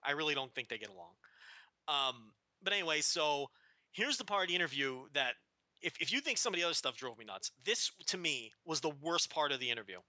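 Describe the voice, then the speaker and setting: अत्यंत चमकदार, तीखी आवाज़ वाला जोशीला आदमी. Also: male voice, a little high, brisk, no room sound. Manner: animated, ranting, profane. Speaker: podcast co-host. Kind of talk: casual podcast chat. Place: living in the American South.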